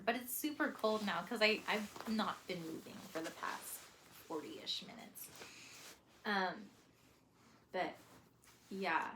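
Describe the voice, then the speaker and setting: A young woman talking to camera in a reflective, casual vlog, soft and hesitant with many pauses and small laughs. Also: medium pitch, slight background noise. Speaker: vlogger.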